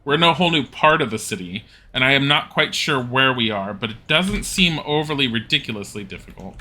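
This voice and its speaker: A man's voice: medium pitch, animated, fairly quick, bright, forceful tone. A man streaming a game live, giving wry, casual commentary that swears now and then and reads menu choices aloud.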